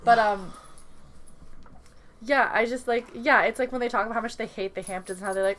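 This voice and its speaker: A woman co-hosting a casual podcast, animated, opinionated and sarcastic. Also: on the high side, fairly quick, long pauses, slight background noise. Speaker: podcast co-host. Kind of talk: casual chat.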